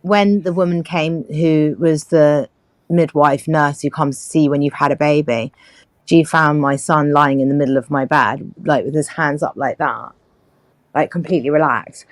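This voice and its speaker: Low-voiced woman in her fifties, chatting. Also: normal speed, dry recording. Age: 50s. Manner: animated storyteller, acts out quoted people. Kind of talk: casual chat.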